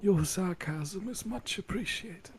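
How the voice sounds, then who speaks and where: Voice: medium pitch, a little slow. A person bantering on a livestream in a dry, teasing, sarcastic way.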